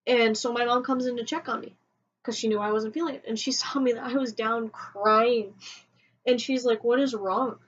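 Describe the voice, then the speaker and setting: A woman telling a personal story on a vlog, emotional and halting, often restarting her sentences. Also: on the high side, fairly even intonation. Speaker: vlogger. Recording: dull lo-fi home recording.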